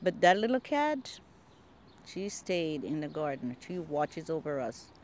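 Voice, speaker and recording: Older woman gardener, lively storyteller acting out quoted voices, outdoor interview. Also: low-pitched, a little slow, slight background noise. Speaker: longtime community gardener.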